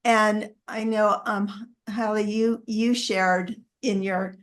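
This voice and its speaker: A woman's voice: mid-range voice, fairly even intonation, slow pace. A woman in a casual meeting conversation, telling a personal story in a reflective way.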